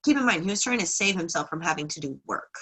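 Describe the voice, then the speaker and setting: A woman leading a class, telling a trickster folk tale in a lively, chatty way with asides. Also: fairly low pitch, fast talker, husky. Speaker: class leader. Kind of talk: casual storytelling lesson.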